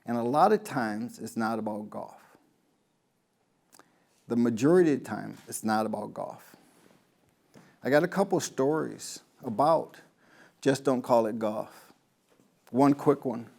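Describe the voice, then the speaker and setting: A man's voice: mid-range voice, expressive, a little slow, creaky, long pauses, a little mellow. A man, a golf pro, giving a rambling motivational talk to a live audience, telling stories and asking the crowd questions.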